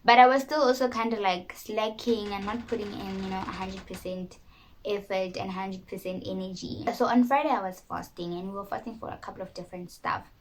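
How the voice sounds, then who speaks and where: A woman's voice: mid-range voice, steady tone, a little fast, slight background noise, rough recording. A young woman from South Africa talking casually to her viewers in a candid, self-mocking vlog. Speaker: YouTuber. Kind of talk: casual talk to camera.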